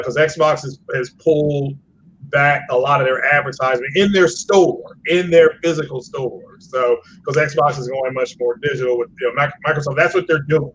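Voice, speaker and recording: A man's voice: mid-range voice, fairly bright tone. A man talking as a podcast guest, rambling and stopping to restart his sentences, full of fillers. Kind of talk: casual podcast chat. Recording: muffled lo-fi call audio with faint noise.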